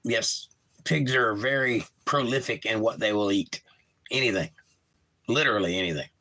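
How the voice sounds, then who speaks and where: A man hosting a live stream, chatting casually and reading viewer comments aloud, with an animated, jumpy delivery. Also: moderate pace. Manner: reads chat messages aloud and answers them warmly; animated, pitch jumps when reading comments. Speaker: livestream host.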